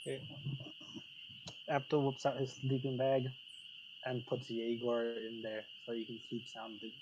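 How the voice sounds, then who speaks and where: A man's voice: medium pitch, completely flat delivery, a little slow, background noise. A man playing in a tabletop game, easygoing and matter-of-fact. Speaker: player. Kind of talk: tabletop role-play. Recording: dull lo-fi sound.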